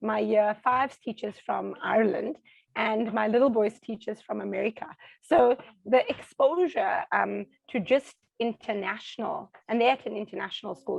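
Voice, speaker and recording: A middle-aged woman with a South African accent, an interview guest talking casually at home, animated and acting out the voices of people she quotes. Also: medium pitch, gravelly, slightly rough, no echo, rough recording.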